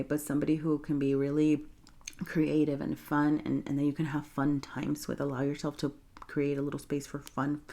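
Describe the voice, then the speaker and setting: Speaking to camera in a low, mellow voice, this woman offers a relaxed and encouraging tarot reading. She laughs a lot and keeps asking "okay?" along the way.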